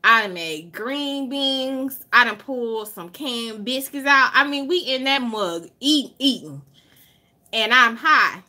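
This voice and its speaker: A slightly high-voiced woman from Alabama tells her viewers a story slowly, with a Southern accent and plenty of animation. She stretches words for emphasis and doesn't shy away from cursing.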